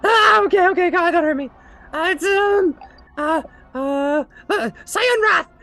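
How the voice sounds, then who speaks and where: Squeaky terrified kobold. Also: measured pace, pushed and bright, full character voice. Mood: nervous. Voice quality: high squeaky pleading, stammering. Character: terrified small male kobold, groveling and begging.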